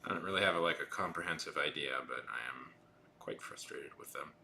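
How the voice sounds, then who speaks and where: A man's voice: very deep voice, a little fast, creaky, bright, forceful tone, a little hiss or hum. A man streaming and chatting casually with his viewers, rambling with frequent restarts and fillers. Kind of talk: casual chat with live chat while drawing.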